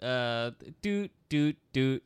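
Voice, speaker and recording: Deadpan joking man from Long Island. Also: mid-range voice, drawn-out words, smooth, no room sound. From Long Island, New York. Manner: deadpan, joking, lots of uh fillers. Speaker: podcast co-host. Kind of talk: casual comedy banter.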